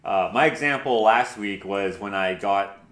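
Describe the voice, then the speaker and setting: A man's voice: fairly low pitch, measured pace, fairly bright tone. Easygoing joking man in an echoey room. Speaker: co-host. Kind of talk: casual podcast chat.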